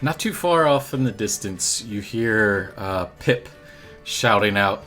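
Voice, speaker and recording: Slow, lively man narrating a tabletop game. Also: fairly low pitch, soft background music. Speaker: dungeon master.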